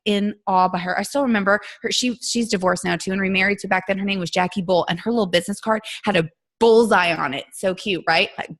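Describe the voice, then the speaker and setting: Woman, 30s, chatty motivational storytelling, animated, laughs easily. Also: medium pitch. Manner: chatty and animated, acts out quotes, laughs often. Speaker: guest speaker on a coaching call. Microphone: phone or conference call line.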